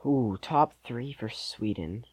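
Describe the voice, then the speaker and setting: A man's voice: medium pitch, expressive, slow, a little mellow, slightly rough. A man co-hosting a podcast, chatting casually about sports and hedging his picks with lots of "like"s. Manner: rambling, hedging, many "like"s. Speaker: podcast co-host.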